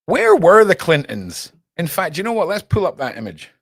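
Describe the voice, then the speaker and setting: A man's voice: high voice, wildly swooping pitch, moderate pace, creaky, husky, dry recording, studio quality. A man hosting a livestream, chatting sarcastically and jokily with lots of slang. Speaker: livestream host. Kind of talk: casual commentary.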